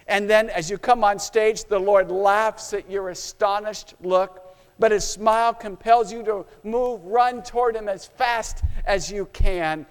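A man's voice: sits high, steady tone, unhurried, clean tone. A man preaching a sermon, telling a story dramatically and acting out its scenes. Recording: long hall reverb.

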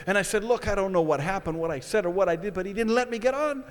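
High-voiced man telling a lively story. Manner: animated, dramatic retelling with vivid pauses. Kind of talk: personal story told to an audience. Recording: echoey hall.

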